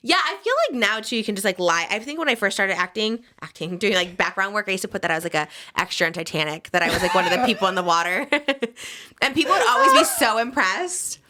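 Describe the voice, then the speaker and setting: Podcast host, woman, thirties, lively pitch, bright tone, playful chatter. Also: quick pace. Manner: animated, laughing often, playful. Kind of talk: casual chat.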